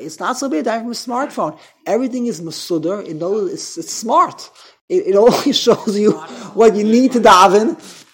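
High-voiced man giving a rambling class. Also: fairly bright tone. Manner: rambling, self-interrupting, frequent restarts. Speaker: rabbi teaching a class. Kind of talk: informal Torah lecture to a small group.

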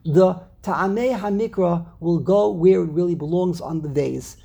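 A man's voice: high-pitched, moderate pace, gravelly, mellow, dull audio. A man teaching a classroom lesson on Hebrew grammar, explaining step by step and repeating words as he thinks. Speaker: Torah teacher.

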